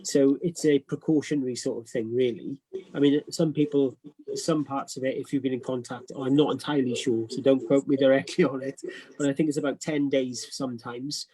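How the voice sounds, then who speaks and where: A man's voice: mid-range voice, fairly even intonation, brisk, dark tone, slightly rough, rough recording. A Welsh man on a video call from home, chatting hesitantly with many ums and laughing easily. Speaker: guest barber. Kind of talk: casual chat. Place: at home, isolating.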